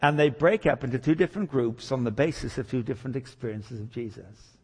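A man's voice: mid-range voice, brisk, husky. A man preaching a sermon, retelling stories and acting out the people in them. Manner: animated, voices characters in anecdotes. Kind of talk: sermon with acted-out storytelling.

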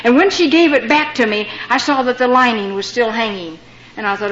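A woman's voice: a little high, fast talker, a bit bright. An older American woman, a missionary, telling a dramatic and humorous personal story to a women's gathering. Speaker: missionary speaker. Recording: dull lo-fi recording with faint hiss.

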